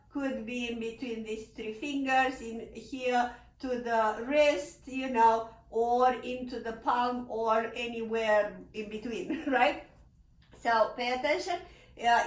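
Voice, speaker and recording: A woman teaching a piano lesson in non-native phrasing, laughing often and pleading with students to stay relaxed, with a piano in the room. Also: high voice. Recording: echoey room, mic at a distance. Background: piano playing.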